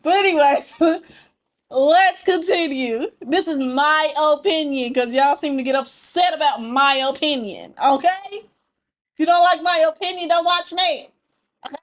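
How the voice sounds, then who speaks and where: Animated high-voiced woman vlogger. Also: measured pace. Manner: animated, talks straight to the audience. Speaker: story-time reaction vlogger. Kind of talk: casual chat to viewers.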